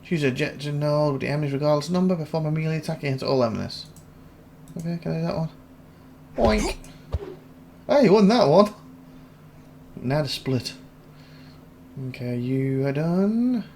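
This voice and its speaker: Gravelly man playing a game. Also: on the high side, normal speed, pauses often, a little hiss or hum. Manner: excitable, laughs and shouts at wins and losses. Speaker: gaming YouTuber. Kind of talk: casual game commentary.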